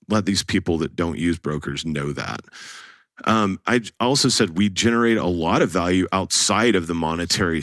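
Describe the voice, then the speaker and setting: A man's voice: sits low, a bit bright, dry recording, studio quality. A man giving a blunt, casual sales talk as a real estate broker, often laughing at his own stories. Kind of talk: instructional talk to camera.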